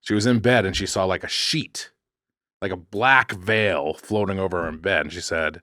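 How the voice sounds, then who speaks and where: Low-voiced man telling a rambling story. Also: normal speed, sharp tone, no room sound, studio quality. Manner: rambling, self-correcting, jokey. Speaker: podcast co-host. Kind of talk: casual storytelling. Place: podcast studio.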